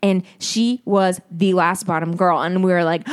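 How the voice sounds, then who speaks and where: A woman's voice: on the low side, steady tone, moderate pace, smooth. Chatty young woman recapping a show. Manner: chatty storyteller, laughs often, acts out quotes. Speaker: podcast co-host. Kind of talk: casual chat recapping a reality show.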